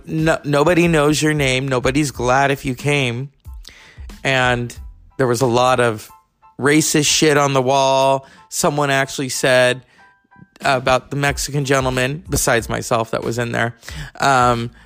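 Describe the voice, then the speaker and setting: A Californian man hosts his own podcast, rambling through stories in a casual monologue with profane, chatty asides. His mid-range voice is gravelly and a bit bright.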